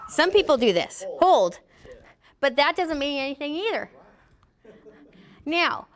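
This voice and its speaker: High-voiced middle-aged woman, joking safety instructor who acts out quotes. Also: fairly bright tone. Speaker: safety trainer. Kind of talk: classroom training talk.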